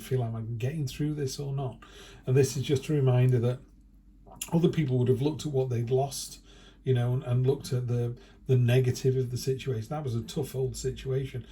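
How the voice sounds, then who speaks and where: A man's voice: medium pitch, mellow. Chatty man reading tarot. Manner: chatty, rambling, with playful quoted asides. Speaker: tarot reader. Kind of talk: casual tarot reading monologue.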